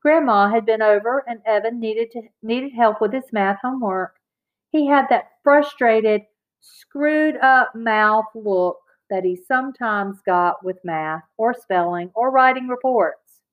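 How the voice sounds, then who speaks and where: A woman narrating a children's chapter book aloud in a clear, expressive read-aloud manner. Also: on the high side, unhurried. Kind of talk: children's audiobook reading. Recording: slightly dull, lo-fi recording.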